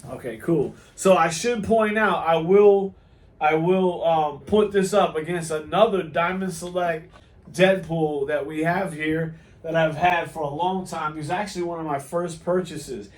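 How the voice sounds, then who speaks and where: Brief: male toy-review host, higher voice, roomy sound from off the mic. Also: unhurried, far from the mic. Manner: joking, teasing, laughs often. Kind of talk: casual unboxing chat.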